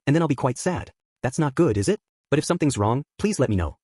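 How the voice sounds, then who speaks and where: A man's voice: mid-range voice, lively intonation, fast, dark tone, slightly rough. A man voicing a falsely polite, unsettling female cult leader who apologizes constantly in a sugary way.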